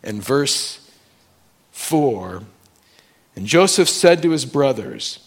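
Male pastor, mid-pitched voice, delivering an expressive sermon in church. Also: takes it slowly, long pauses, husky. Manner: expressive, swings from loud emphasis to hushed tones. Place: church sanctuary.

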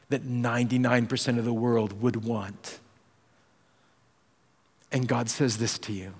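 A man's voice: mid-range voice, little pitch movement, unhurried, pauses often, slightly rough. Dramatic man preaching in a big hall. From United States. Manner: dramatic, acts out quoted voices, swings between loud and hushed. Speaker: pastor. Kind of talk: sermon.

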